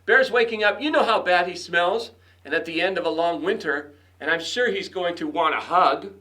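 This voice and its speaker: A man's voice: high-pitched, normal speed, pushed and bright. A man voicing a cranky, grumbling male rabbit in a read-aloud storybook, complaining about spring. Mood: grumpy.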